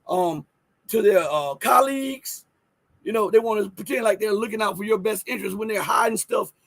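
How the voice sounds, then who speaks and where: A man's voice: sits high, gravelly, fairly bright tone, slightly rough, no room sound, low-quality recording. A man hosting a live news commentary show, emphatic and full of rhetorical questions, thinking aloud as he pulls up and reads articles. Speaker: host.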